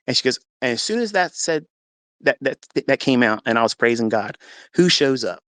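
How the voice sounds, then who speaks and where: A man's voice: medium pitch, fast talker, dry recording. A man telling an emotional personal testimony in an earnest storytelling way, acting out the dialogue. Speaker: speaker sharing a testimony.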